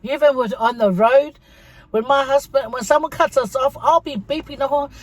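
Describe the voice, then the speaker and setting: Her voice is high and her pace moderate, with no room sound in the recording. She's a middle-aged woman from Samoa doing a mukbang vlog, casually chatting, telling stories and calling her viewers "guys."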